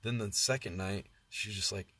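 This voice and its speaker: Brief: low, husky American male vlogger, crude rambling livestream chatter. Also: moderate pace, fairly bright tone. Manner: rambling, crude, laughs at his own stories. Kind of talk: casual livestream storytelling.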